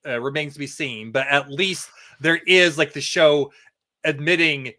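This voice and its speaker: A man talking as a podcast guest in casual chat, measured and thoughtful, with a few fillers. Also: fairly high pitch, pushed and bright.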